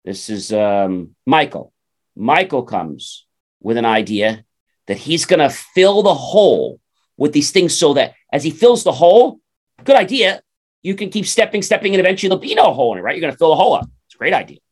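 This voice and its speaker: A man co-hosts a motivational talk show and acts out short scenes in different voices. His voice sits a little high and swings widely in pitch, sometimes rising to a shout and then dropping low. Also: fairly quick. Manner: animated, acts out little dialogues in character voices. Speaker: co-host.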